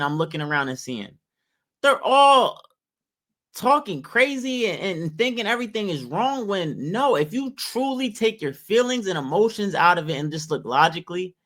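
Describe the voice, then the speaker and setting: A man's voice: high voice, a bit bright. A man giving emphatic, preachy opinion commentary to his viewers, full of rhetorical questions.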